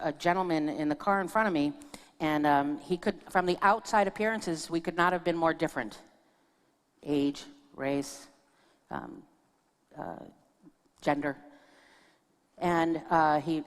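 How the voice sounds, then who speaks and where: A woman's voice: low-pitched, clear, resonant tone. A woman minister giving a sermon in a church, telling stories in a conversational way and speaking with her audience. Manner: conversational storytelling with audience asides. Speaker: guest minister. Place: church sanctuary. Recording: long reverb of a church hall.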